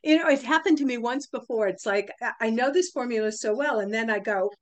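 A middle-aged woman, a podcast guest, talking in a fairly high voice. She explains her method step by step, pausing on purpose and leaning on her inflection. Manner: animated, explains step by step, deliberate pauses. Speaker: podcast guest, sales trainer. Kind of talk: casual interview talk.

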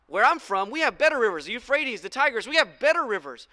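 A man's voice: high voice, unhurried, sharp tone, clean tone, no echo, voice pushed up. A man voicing a proud, indignant army general who boasts in huffy outbursts.

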